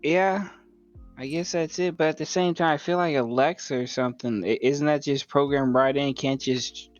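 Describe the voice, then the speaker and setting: A man's voice: on the high side, steady tone, normal speed. A man co-hosting a casual podcast chat, wry and rambling, with mild swearing. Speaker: podcast co-host. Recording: slightly dull lo-fi sound with faint music.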